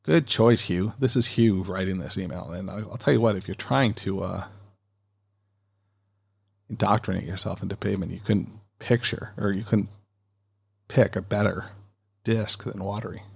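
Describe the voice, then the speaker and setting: A man hosting a music podcast from home, with a somewhat low voice that has a gravelly rasp to it. He chats casually and rambles, stumbling over ums and restarts while he answers listener emails. He talks close into a dynamic studio mic. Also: moderate pace, pauses often, darkish tone. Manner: chatty, rambling, with frequent ums and self-corrections. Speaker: podcast host.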